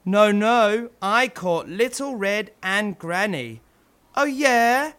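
A man's voice: high voice, expressive, slow pace, clean tone, heavily acted. A man doing a boastful big bad wolf. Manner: blustering, loud. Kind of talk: storybook character voice.

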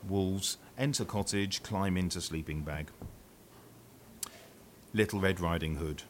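A man's voice: sits low, slow, pauses often, a little hiss or hum. A man reading a children's play aloud, announcing each speaker and stage direction. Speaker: reader.

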